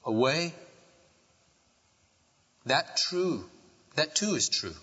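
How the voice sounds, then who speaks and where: A middle-aged man preaching a sermon in a church, slow and impassioned, rising to shouts at his peaks. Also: fairly high pitch, sing-song, breathy edge. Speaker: pastor. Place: church sanctuary. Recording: muffled sound with long hall reverb.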